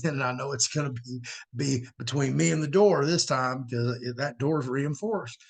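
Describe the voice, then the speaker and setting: With a mid-range, slightly rough voice, a little slow and touched with vocal fry, this middle-aged host of his own show tells a personal story casually. He gets animated, acting out quotes in a raised voice.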